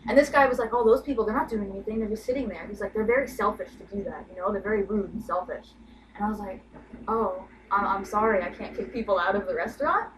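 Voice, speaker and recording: A woman's voice: medium pitch, fast talker. A young woman telling a work story in casual chat, full of "like" and "you know". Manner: chatty, lots of "like" and "you know". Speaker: podcast co-host. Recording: distant mic with clear background noise.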